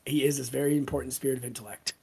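A woman's voice: very deep voice, fairly even intonation, rapid-fire, creaky, mellow, slightly rough. A woman co-hosting a book podcast, enthusiastic and steering the casual discussion. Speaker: podcast co-host.

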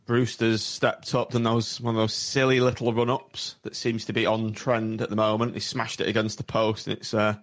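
A man's voice: lowish voice, completely flat delivery, moderate pace, few pauses. Man, podcast host, blunt, contrary, casual chat. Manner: steers the talk, blunt and contrary.

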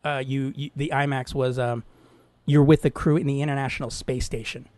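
A man's voice: mid-range voice, level tone, brisk, darkish tone, no echo. A man co-hosting a podcast who laughs often and stumbles over his words while telling stories. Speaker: podcast co-host. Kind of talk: casual chat.

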